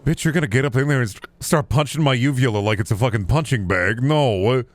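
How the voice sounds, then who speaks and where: A man with a mid-range voice talks briskly while live-streaming a video game. He chats casually, riffing on absurd jokes and swearing plenty along the way.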